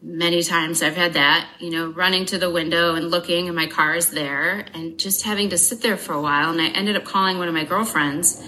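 A woman speaks as an interview guest, frank and unguarded, swearing freely. Her voice sits a touch low but comes across bright and forceful. She moves briskly through her account with dry, wry humor. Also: steady tone, a little hiss or hum, rough recording. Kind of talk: candid personal storytelling.

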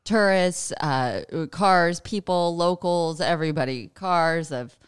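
A woman's voice: lowish voice, slow, clean tone. A woman co-hosting a podcast in casual chat, chiming in with details. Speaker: podcast co-host.

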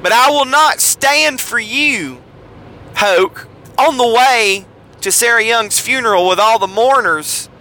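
Old Southern chauffeur, man, drawling, folksy dialect, Southern US accent, high and bright, put on by a man. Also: slight background noise, exaggerated voice. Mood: scolding. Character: older Southern male chauffeur, folksy and blunt.

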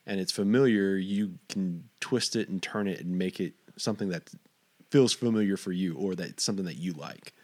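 Speaking at a moderate pace, a man with a low-sitting, somewhat dark voice hosts a casual interview. He's from Fort Stockton, Texas, and tends to ramble and stumble over his words.

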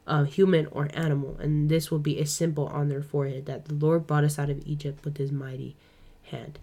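Chatty young woman podcast host. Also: deep voice. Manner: chatty and animated, quick asides and laughs. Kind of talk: casual Bible teaching podcast.

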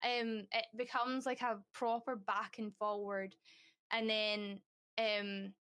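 A woman's voice: medium pitch, little pitch movement, takes it slowly, fairly bright tone. A young woman guest on a podcast, speaking candidly and at length in a rambling, casual way, full of "like" fillers. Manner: acts out quoted dialogue.

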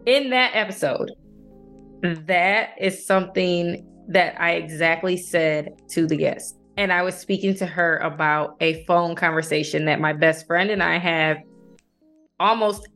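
A woman hosting a faith podcast, talking in an animated way and laughing often as she tells stories. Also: on the low side, measured pace, soft background music. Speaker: podcast host. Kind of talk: faith-based conversation.

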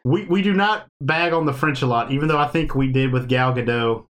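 A man hosting a podcast in easygoing chat, his voice sitting at an ordinary middle pitch. He rambles from point to point, loose and friendly in rhythm, and often breaks into laughter. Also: brisk, a bit bright. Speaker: podcast host.

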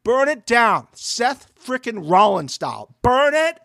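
A man's voice: extremely high pitch, slow pace, vocal fry, no room sound, studio quality. A man co-hosting a podcast, recapping a reality show in casual chat, swearing and acting out what people said. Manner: animated, swearing, acts out quotes. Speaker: podcast co-host.

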